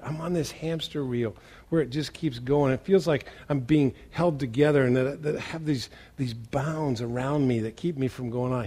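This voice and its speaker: A man preaching a sermon to a church congregation, asking listeners rhetorical questions and swinging between loud emphasis and quiet asides. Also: fairly high pitch. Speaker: pastor.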